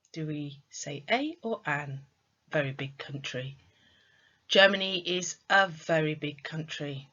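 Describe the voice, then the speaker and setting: Slow, bright-voiced woman tutor. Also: low voice, muffled recording. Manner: slow, clear teacher's delivery with quizzing questions. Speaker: English tutor. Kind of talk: online English lesson.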